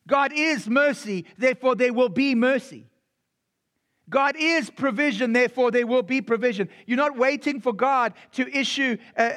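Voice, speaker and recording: A man's voice: very high-pitched, measured pace, a bit bright. A man preaching a sermon, earnest and repetitive, often checking if he's making sense.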